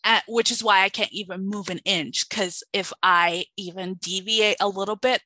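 A woman co-hosting a podcast in casual chat, animated and acting out quotes. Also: normal speed, no room sound, rough recording. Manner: animated, acts out quotes with big pitch jumps. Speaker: podcast co-host.

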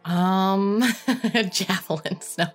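A woman's voice: mid-range voice, fairly even intonation, extremely slow, soft background music. A woman game master in casual chat about designing a tabletop class, giggling often between ideas.

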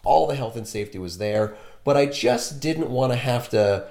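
A man's voice: mid-range voice, expressive, moderate pace, darkish tone. A man who works as a piercer, telling a candid, self-deprecating story in casual conversation. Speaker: body piercer. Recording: echoey room.

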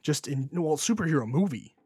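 A man's voice: fairly high pitch, lively intonation, fairly quick, a little mellow, slightly rough, no echo, clean studio sound. A young man co-hosting a podcast, rambling emotionally through a movie retelling with lots of fillers. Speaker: podcast co-host. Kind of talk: casual chat.

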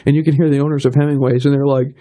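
Racing along in a medium-pitched voice, this man is a radio guest spinning a long anecdote, frequently breaking into laughter. He animatedly performs the quotes and voices of the characters involved.

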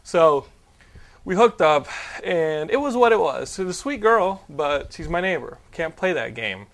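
A man's voice: fairly high pitch, big pitch swings, a little slow, a bit bright. A man hosting a podcast in casual chat, rambling through a story with lots of fillers and swearing. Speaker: podcast host.

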